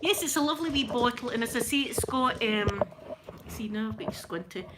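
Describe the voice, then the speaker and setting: A woman's voice: fairly high pitch, fairly quick. Scottish lady chatting on her live stream, laughs at herself a lot, bit of faint hiss behind. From Scotland. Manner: chatty, self-mocking, laughs often. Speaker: livestream host. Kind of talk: casual live-stream chat.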